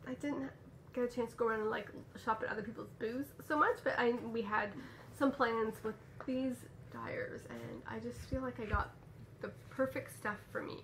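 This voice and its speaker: A woman's voice: on the high side, fairly even intonation, moderate pace, a bit bright. Chatty canadian woman, knitting podcast host, casual home chat, faint room hiss. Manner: chatty, rambling with fillers and restarts. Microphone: camera mic.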